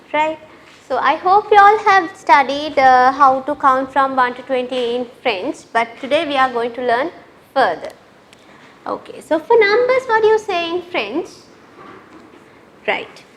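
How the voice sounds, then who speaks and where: A woman teaching a lesson to pupils, speaking slowly and repeating each word for them to copy. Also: high voice, fairly bright tone, a little hiss or hum. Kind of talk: classroom lesson.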